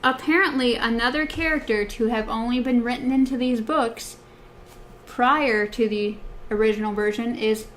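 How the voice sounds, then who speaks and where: A woman's voice: fairly high pitch, normal speed, slight background noise. A woman co-hosting a book podcast in casual chat, hesitant with many fillers as she compares text versions. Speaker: podcast co-host.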